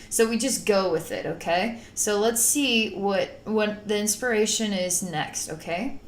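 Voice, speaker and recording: A woman guides a spiritual healing session, rambling and emotive, and slips into panicked voices now and then. Her voice sits at a middling pitch. The room is echoey, with a faint hiss behind her. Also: measured pace, few pauses. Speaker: psychic channeler.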